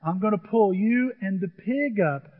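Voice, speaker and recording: A man voicing a calm, confident survival expert who explains things in a matter-of-fact way. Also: high-pitched, a little slow. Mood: coaxing. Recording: dull, with long hall reverb.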